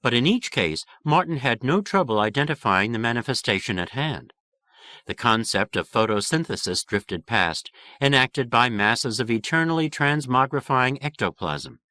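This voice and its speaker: A male audiobook narrator reading in a measured, clear way. His pitch is mid-range but swings expressively through each sentence. The recording is close-miked and very dry. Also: big pitch swings, bright, forceful tone, dry recording.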